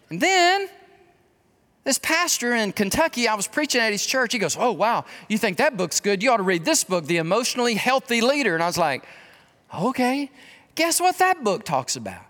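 Man, fifties, pastor, animated storytelling sermon, rather high voice, long church reverb. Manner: animated storytelling with quick asides. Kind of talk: conversational sermon. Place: church sanctuary.

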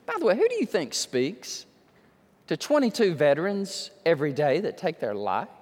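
A male pastor preaching with animated, humorous storytelling. His voice is high and swings widely in pitch. It rings in a long hall reverb. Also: moderate pace. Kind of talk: sermon.

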